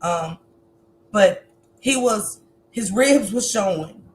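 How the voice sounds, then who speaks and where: Woman livestream host, slow and emotional, preachy, mid-pitched. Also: expressive, a little hiss or hum. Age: adult with a grown son. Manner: emotional, preaching, talks to viewers directly. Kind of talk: casual livestream commentary.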